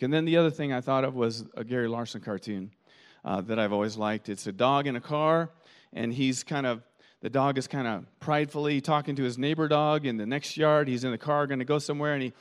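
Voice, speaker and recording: A man's voice: medium pitch, a little fast, clean tone. A man pastor preaching a sermon, telling stories animatedly and often repeating words as he thinks. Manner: animated storytelling with quoted voices.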